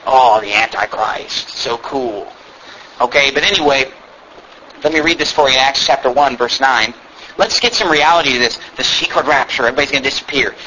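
A man's voice: medium pitch, fast talker, bright, forceful tone, highs cut off, slight background noise. A man preaching a sermon, emphatic and sarcastic, reading scripture aloud with rising force. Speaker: pastor.

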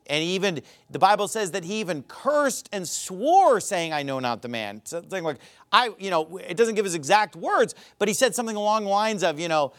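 Preacher, male, high voice with big swings, animated sermon delivery. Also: fairly quick. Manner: animated preaching, mocking acted quotes. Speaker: pastor.

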